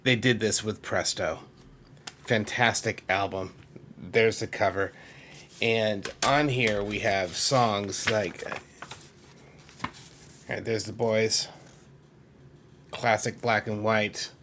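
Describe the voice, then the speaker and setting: A man's voice: on the low side, fairly even intonation, slow, long pauses, fairly bright tone, slight background noise. A man, rambling enthusiastically and a little self-deprecatingly as he shows off his music collection on video. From Massachusetts. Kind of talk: casual chat showing a CD collection.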